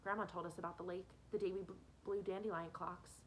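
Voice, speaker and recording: A woman's voice: fairly even intonation, fairly quick, slight background noise, low-quality recording. Woman teacher reading a novel aloud. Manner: voices each character with shifts in pitch.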